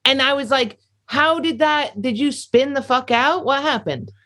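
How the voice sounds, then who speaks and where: A woman's voice: high voice, unhurried, a bit bright. A woman chatting casually, exasperated, acting out other people in mocking voices. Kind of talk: casual chat.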